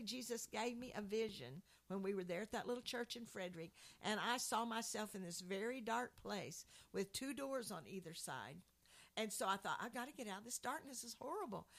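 A woman's voice: a little high, fairly bright tone. A woman giving an earnest, heartfelt personal testimony and reading scripture aloud to viewers of a Christian program.

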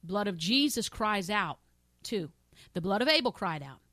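A woman preaching a sermon with fervent, repetitive emphasis, swinging between loud exclamations and soft pleading prayer. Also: medium pitch, sing-song, moderate pace, no room sound, clean studio sound. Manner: fervent, repetitive, addresses listeners as saints.

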